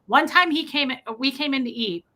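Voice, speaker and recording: A young woman co-hosting a casual livestream chat, telling stories with gushing, animated energy. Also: high-pitched, normal speed, poor audio. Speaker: co-host.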